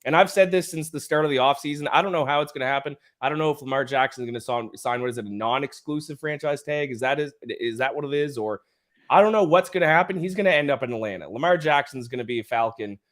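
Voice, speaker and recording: A man with a Canadian accent and a hoarse, flu-worn voice talks football on a podcast. He is chatty and self-deprecating, tripping over his words when he gets going. His pitch sits in an ordinary middle range. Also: fast, fairly bright tone. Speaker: podcast co-host. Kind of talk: casual podcast chat.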